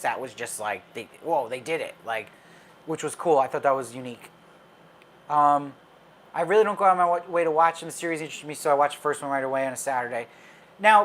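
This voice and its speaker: A man's voice: fairly high pitch, bright, forceful tone. A man hosting a live stream as a film commentator, talking casually with viewers and answering their comments in a chatty, opinionated way with frequent fillers and restarts.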